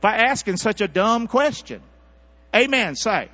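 A man preaching a sermon as pastor, calling out for responses from his congregation and swinging from quiet asides to loud, high-pitched exhortation. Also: measured pace, breathy edge. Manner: calls for congregation responses, animated rising delivery. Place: church sanctuary. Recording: dull lo-fi church recording with mains hum.

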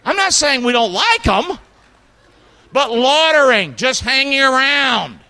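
A man preaching a sermon as a pastor, with emphatic call-and-response and sudden shouted lines for emphasis. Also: very high-pitched, very animated, slow. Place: church sanctuary.

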